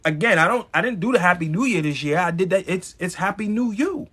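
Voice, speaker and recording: A man's voice: sits high, lively intonation, brisk, fairly bright tone, husky. A man hosting a live stream, giving a blunt, emphatic motivational talk straight to his viewers, with some profanity. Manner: addresses viewers directly.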